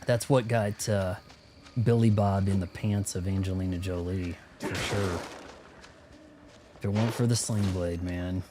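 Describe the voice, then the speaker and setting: A man's voice: low-pitched, steady tone, unhurried, noisy background. A man streaming a video game, talking casually and rambling while joking and muttering to himself. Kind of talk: casual gameplay commentary.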